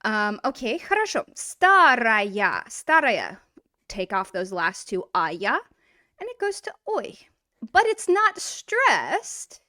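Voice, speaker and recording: A woman with a slightly high voice runs a casual language lesson, talking it through in an upbeat, chatty way. She often slows down to repeat words for pronunciation. The sound is dry and close, with no room echo. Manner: lively, repeats and models pronunciations slowly. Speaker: Russian language teacher.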